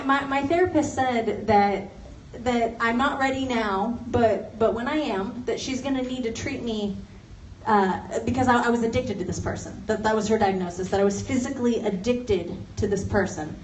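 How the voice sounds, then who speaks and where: Speaking at a normal clip in a fairly high voice, this stand-up comic from Los Angeles is young, chatty and quick to poke fun at herself, laughing through her lines. Her set takes place in an office turned comedy venue, captured noisily by a far-off mic in the spacious room.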